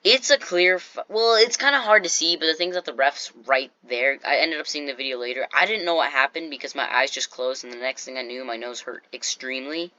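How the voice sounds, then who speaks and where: A man's voice: mid-range voice, brisk, few pauses, pushed and bright. A teenage boy telling a story straight to his viewers, rambling with lots of "like"s and restarts. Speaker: vlogger. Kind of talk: casual storytelling to camera. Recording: slightly dull lo-fi recording.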